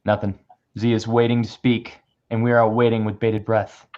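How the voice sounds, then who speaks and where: A man's voice: lowish voice, flat delivery, moderate pace, darkish tone. A man hosting a writers' panel over a video call, asking questions in a jokey, playful way. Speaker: panel host. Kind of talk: casual video call chat. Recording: slightly dull lo-fi call audio.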